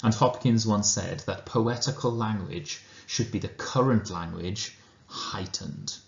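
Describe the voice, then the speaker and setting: A man with a Welsh accent teaching a lesson, explaining slowly and carefully, then reading a poem aloud. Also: on the low side, gravelly. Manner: slow, measured explanation. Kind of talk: recorded lesson and poetry reading. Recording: roomy, dull lo-fi recording.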